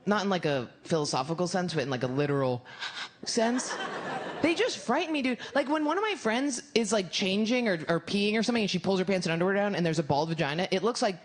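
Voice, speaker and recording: A woman's voice: mid-range voice, lively intonation, fast talker. A woman comedian doing a stand-up routine on a club stage, telling a crude story in a rambling, self-interrupting way. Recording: live club recording with audience noise.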